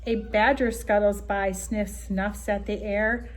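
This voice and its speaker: A woman's voice: medium pitch, little pitch movement, slow pace, hardly any pauses. A woman reading a picture book aloud in a rhythmic, playful way. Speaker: storybook reader.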